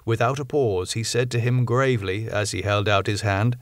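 A man narrating a classic novel in a measured, clear storytelling manner. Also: on the low side, fairly even intonation, no room sound, clean studio sound. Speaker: audiobook narrator. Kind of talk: scripted narration.

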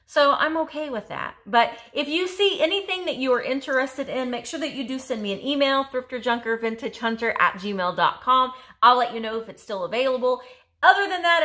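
A middle-aged woman chats through a reseller haul video with eager enthusiasm. Her fairly high voice swoops up and down as she thinks aloud, restarting sentences as she goes. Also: pushed and bright. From United States. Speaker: thrift reseller vlogger. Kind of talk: casual haul video chat.

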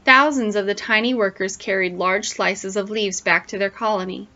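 A woman teacher reads a picture book aloud to children with expressive storytelling and stops now and then to ask them questions. Her voice sits at a middling pitch. The recording is dull and lo-fi. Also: normal speed.

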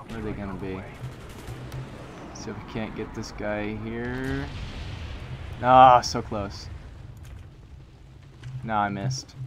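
A man's voice: lowish voice, slight background noise. Young guy doing live game commentary, yelps and grumbles, gunfire going off behind him. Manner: excitable, frustrated exclamations and muttering. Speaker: gaming commentator.

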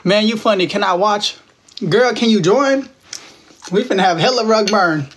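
High-voiced young man bantering on a livestream. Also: normal speed, fairly bright tone, a little hiss or hum. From Texas. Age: 20s. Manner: playful, teasing banter with viewers, slangy. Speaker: livestream host. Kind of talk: casual livestream chat reading viewer comments. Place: at home. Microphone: phone.

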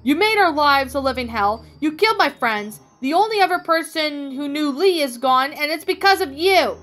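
A grief-torn young girl screams through her tears, her voice climbing high and loud, as a woman reads her part. Faint music plays behind her. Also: expressive, very fast. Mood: anguished screaming.

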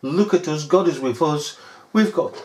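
A man's voice: fairly high pitch, moderate pace, darkish tone, natural voice. A man mimicking a gushing, self-satisfied revivalist churchgoer in a mocking, breathless way. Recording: echoey room.

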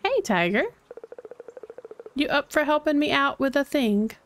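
A woman voicing a friendly, easygoing young villager in a cozy game, relaxed and chatty. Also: sits high, unhurried, a little hiss or hum, voice pushed up.

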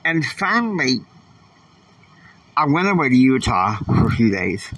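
A man hosting a faith-based motivational podcast, earnest and emphatic, often repeating himself to drive a point home. His voice is husky and sits in a middle pitch. He sounds a little set back from the mic. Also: big pitch swings, unhurried, fairly bright tone, no echo, distant mic, low-quality recording. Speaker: podcast host.

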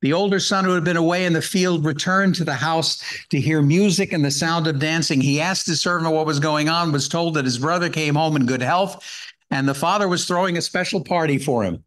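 A man's voice: on the high side, fairly quick, a bit bright, poor audio. A man giving a Bible-hour sermon, earnestly reading scripture and explaining it verse by verse. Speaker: guest speaker at a Bible hour.

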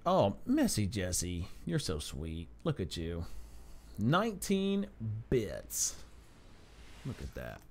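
A man streaming a live game, chatting with his viewers and reacting quickly and excitably to the action. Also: deep voice. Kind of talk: live gaming commentary. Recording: game music and gunfire in the mix. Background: game music and gunfire.

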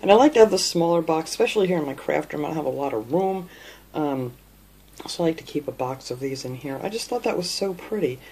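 Low-voiced woman chatting through a haul. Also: animated, fast, dark tone, slightly rough. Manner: chatty, rambling, with fillers. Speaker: craft channel host. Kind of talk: casual shopping haul vlog. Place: home craft room.

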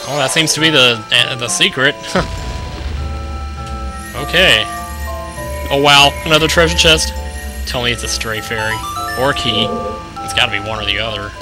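A young man casually commentating a video game, excitable and jokey, thinking aloud as he plays. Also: mid-range voice, moderate pace, pauses often, rough recording. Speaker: let's play commentator. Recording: game music playing behind voice.

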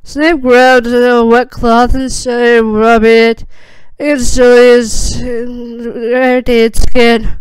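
Female narrator for fan fiction reading; slow, level, slightly halting delivery. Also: on the high side, flat delivery, smooth, no room sound, low-quality recording.

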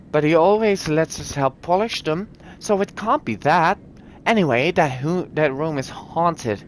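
A man's voice: mid-range voice, a little hiss or hum, natural voice. A man reading a child's diary notes aloud from a horror game, putting on an innocent, childlike voice.

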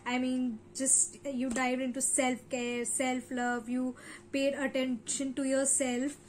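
A woman's voice: high voice, flat delivery, takes it slowly, slight background noise, rough recording. A woman from India with an Indian English accent, giving a casual, rambling tarot reading full of fillers. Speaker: tarot reader.

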